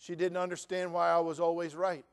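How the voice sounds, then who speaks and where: A man in his sixties, a pastor preaching a sermon, telling humorous stories and then building to loud preaching. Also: fairly high pitch, flat delivery, a little fast, clean tone.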